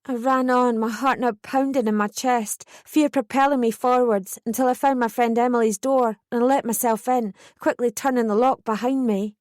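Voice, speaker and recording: Give me a high-voiced woman narrating an audiobook. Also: steady tone, normal speed, hardly any pauses, darkish tone, dry recording, clean studio sound. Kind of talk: scripted first-person narration.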